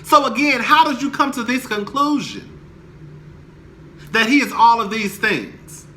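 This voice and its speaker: A man's voice: very high-pitched, sing-song, measured pace, sharp tone, a little hiss or hum. A young man angrily ranting about a reality TV show, heated, profane and emphatic. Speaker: commentator. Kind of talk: angry reality TV rant to camera.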